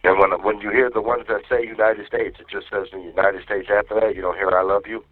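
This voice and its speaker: A man's voice: on the low side, fast. A man on a phone call to his wife, telling stories in a loose, profane way and acting out what other people said. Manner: profane, animated storytelling, acting out others' lines. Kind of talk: casual phone chat. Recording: tinny phone line.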